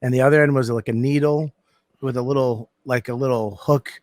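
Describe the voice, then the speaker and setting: A man's voice: mid-range voice, steady tone, a little fast, darkish tone, dry recording, clean studio sound. A man on a casual comedy podcast, telling crude stories and laughing as he goes. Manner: profane, laughing anecdote-teller. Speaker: podcast co-host.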